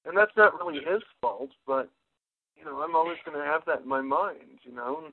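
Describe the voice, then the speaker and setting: A man with a slightly higher voice gives blunt, emphatic opinions in a casual podcast chat. The recording is dry and tinny, with a narrow, phone-like band. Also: moderate pace, husky, no room sound. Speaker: podcast co-host.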